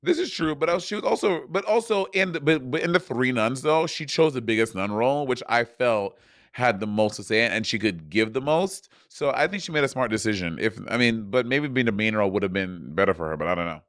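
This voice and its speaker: A man chatting playfully, his pitch jumping up and down as he teases and reacts. The sound is dry and close, with no room around it. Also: expressive, fairly bright tone, dry recording. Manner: playful, teasing, quick reactions. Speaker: podcast co-host. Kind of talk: casual recap chat.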